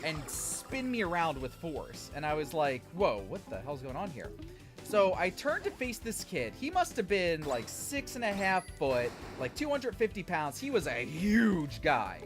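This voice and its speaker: A man's voice: fairly high pitch, sing-song, a little slow, over music. A young man streaming a game, telling a story in a rambling, self-deprecating way with lots of fillers. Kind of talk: casual chat while streaming a game.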